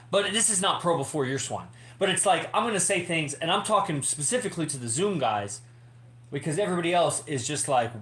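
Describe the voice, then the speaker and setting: A man's voice: a little high, fairly bright tone. A man hosting a podcast, talking in an emphatic, rambling way, swearing freely as he lectures his members. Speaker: podcast host. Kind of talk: casual monologue to members. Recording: echoey room.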